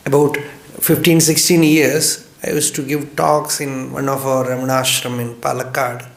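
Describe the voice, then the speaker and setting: A man from India giving a spiritual discourse, gentle and chuckling often, repeating words for emphasis. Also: mid-range voice, flat delivery, normal speed, vocal fry, reverberant. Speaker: spiritual teacher.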